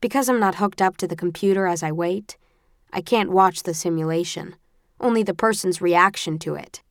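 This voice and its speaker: A woman's voice: lowish voice, moderate pace, dry recording, studio quality. Woman narrating a tense first-person audiobook.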